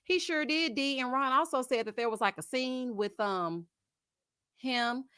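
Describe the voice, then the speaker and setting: A woman's voice: high-pitched, measured pace, clean tone, no room sound. Gossipy woman streamer, dry mic. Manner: gossipy, animated, laughs often, uses Southern US slang. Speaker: host of a live chat stream. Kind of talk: casual chat reading viewer comments.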